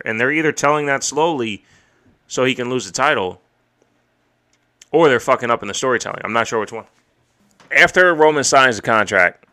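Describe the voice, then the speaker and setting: A man hosting a podcast, recapping a wrestling show in casual, excited, profane chat. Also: mid-range voice. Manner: excited, profane, recounts and quotes matches. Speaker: podcast host. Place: home streaming setup.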